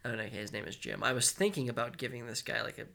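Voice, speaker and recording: A man with a medium-pitched voice reads a story aloud on a podcast. He keeps tripping over words and breaking into laughter, then picks the reading back up in a loose, casual way. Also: steady tone, very fast, gravelly, pushed and bright. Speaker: podcast co-host.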